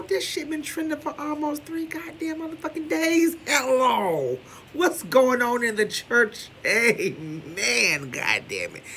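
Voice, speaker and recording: A man giving loud, brash gossip commentary with heavy cursing. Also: on the high side, a little hiss or hum. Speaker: commentary vlogger.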